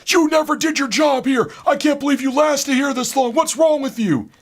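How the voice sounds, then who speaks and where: A man voicing an odd, toothless male night cleaner who angrily yells in someone's face. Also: very high-pitched, normal speed, pitched above the performer's own voice. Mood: furious. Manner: agitated, shouting.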